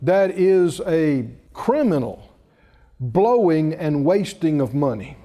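A man's voice: fairly high pitch, expressive, slow, warm tone. A male preacher delivering a sermon, telling a story with laughter and rising exclamations. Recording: reverberant hall.

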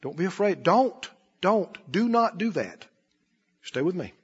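A man's voice: sits high, big pitch swings, unhurried, breathy edge, full character voice. A man preacher voicing a fervent, commanding male healer who gives emphatic, ringing orders. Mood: urgent. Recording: reverberant hall, dull lo-fi sound.

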